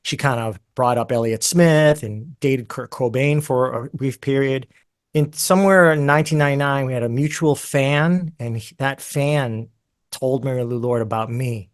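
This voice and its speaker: Guy musician guest rambling thru a story, lots of you know and right, mid pitch. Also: moderate pace. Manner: rambling, animated, full of fillers and asides. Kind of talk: casual storytelling in an interview.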